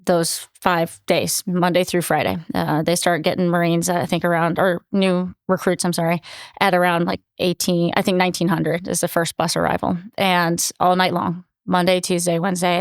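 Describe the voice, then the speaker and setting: A middle-aged woman speaks as a military commander being interviewed, earnest and animated as she recounts events, with plenty of "um" and "you know." Her voice is smooth and clear, recorded dry and close with no room sound. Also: fairly low pitch, no room sound. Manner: earnest, animated storytelling with many fillers. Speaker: battalion commanding officer, guest. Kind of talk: conversational interview storytelling.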